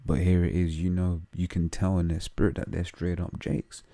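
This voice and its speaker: A man's voice: sits low, level tone, moderate pace, mellow, no room sound. A man with a London accent reading Bible verses aloud and explaining them in casual, slang-heavy talk full of fillers. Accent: London English. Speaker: religious teacher.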